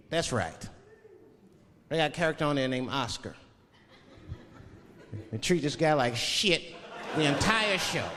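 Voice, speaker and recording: A man's voice: on the high side, fairly bright tone. A man doing a stand-up comedy set with loose, profane storytelling and act-outs. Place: stage before a live audience. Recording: live club hall with laughing crowd.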